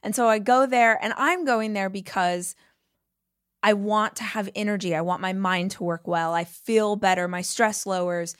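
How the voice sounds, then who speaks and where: A woman in her thirties hosting a podcast interview, talking in an animated, chatty way and swearing casually. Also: medium pitch, normal speed, clear, resonant tone, no room sound, clean studio sound. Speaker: podcast host.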